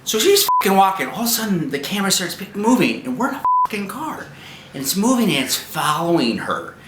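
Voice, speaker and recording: Profane male movie reviewer, rambling and animated, recorded in a noisy, echoey house. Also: sits high, fast. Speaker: movie reviewer, show host. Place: a friend's house at night. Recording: roomy home recording with noise.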